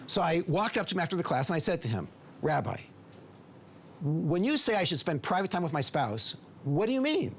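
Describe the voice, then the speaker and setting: Lively gravelly man telling stories. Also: fairly high pitch, a little fast, slight background noise. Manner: lively storyteller who acts out dialogue and drops to a whisper. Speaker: rabbi and lecturer. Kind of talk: storytelling lecture.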